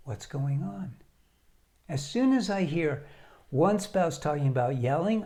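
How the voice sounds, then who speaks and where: A man coaching husbands on marriage, speaking slowly and with purpose. His voice is mellow and rather dark, yet it swings widely in pitch as he stresses each point. The delivery is earnest and direct. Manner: earnest, direct, deliberate with emphatic pauses. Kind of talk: advice monologue to camera.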